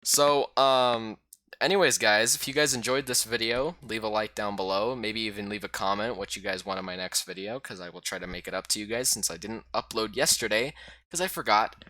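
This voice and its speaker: A man casually recapping a game he played as a YouTuber, rambling and excitable with lots of fillers. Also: lowish voice, a little fast, no echo.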